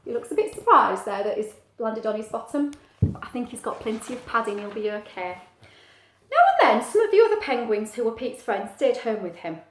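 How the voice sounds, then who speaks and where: A middle-aged woman teacher reading a picture book aloud to children, gentle and animated, asking the listener questions. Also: a little high, fairly quick. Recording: echoey room.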